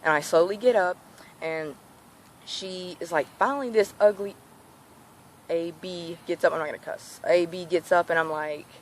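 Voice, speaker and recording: A woman's voice: lowish voice, moderate pace, slight background noise. A teenage girl telling a storytime rant in a casual vlog, acting out what people said. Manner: animated, acts out quoted voices. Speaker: vlogger.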